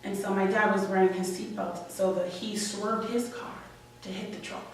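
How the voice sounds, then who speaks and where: This is a young woman from Washington Heights, New York, speaking at normal speed with a medium pitch and fairly even intonation. She tells a wry, candid and emotional story from her life at a live story slam, captured in an echoey room on a distant mic with faint ambience and slight background noise.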